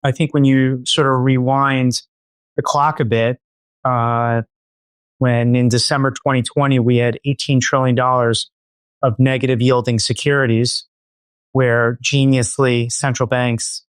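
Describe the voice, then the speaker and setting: A man's voice: mid-range voice, no room sound. A man guesting on a finance podcast as an investment officer, talking casually with many fillers and restarts and a dry sarcastic edge. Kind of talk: casual interview talk.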